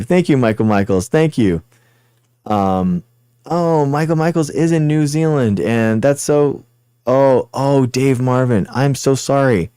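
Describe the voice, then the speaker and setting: A man's voice: medium pitch, mellow, clear, resonant tone, dry recording, studio quality. A man hosting a livestream, casually rambling through thanks and apologies as he signs off. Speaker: host.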